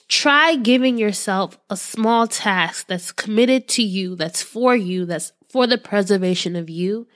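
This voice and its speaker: An earnest woman hosts a motivational podcast and talks straight to her listeners. Her voice sits at an ordinary middle pitch. She sounds encouraging and conversational, tossing in casual fillers as she goes. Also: a bit bright. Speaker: podcast host.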